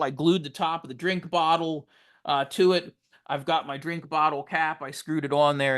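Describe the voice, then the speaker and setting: Brief: male instructor, slightly higher voice, video-call training, practical and encouraging, filler-heavy. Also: a bit bright. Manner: works hands-on with tools while talking. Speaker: fire service instructor. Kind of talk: live online training demonstration.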